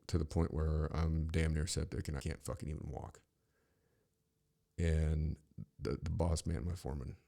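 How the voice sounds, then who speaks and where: Gravelly deep-voiced man telling stories. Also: warm tone. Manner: profane, rambling, with frequent restarts. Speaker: podcast host. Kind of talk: casual storytelling monologue.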